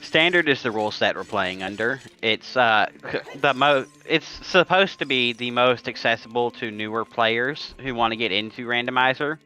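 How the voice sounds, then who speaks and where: A man giving casual commentary on a video game race, jokey and quick to tease and laugh. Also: mid-range voice, pushed and bright, poor audio. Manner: jokey, laughs easily, teasing.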